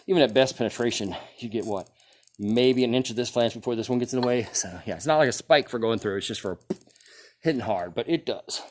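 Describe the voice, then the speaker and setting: A man hosting his own video, casually talking through a test-cutting demonstration, thinking aloud and chuckling as he goes. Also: fairly low pitch. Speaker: video host demonstrating weapons. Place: outdoors or in a workshop during a test-cutting session.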